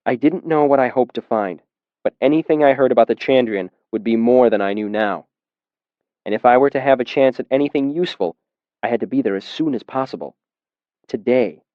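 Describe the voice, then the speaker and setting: Male audiobook reader, mid-pitched, steady first-person narration, dull dry sound. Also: no room sound.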